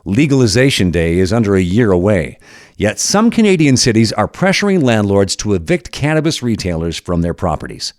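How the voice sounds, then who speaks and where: A man narrating a documentary podcast in a measured, storytelling delivery. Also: lowish voice, big pitch swings, darkish tone, dry recording, clean studio sound.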